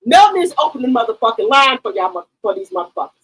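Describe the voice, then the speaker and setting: A woman hosting a gossip channel, giving casual, loud, profane commentary on reality TV and talking straight to her chat. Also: on the high side, big pitch swings, rapid-fire, slightly rough, rough recording. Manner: loud, profane, emphatic hype.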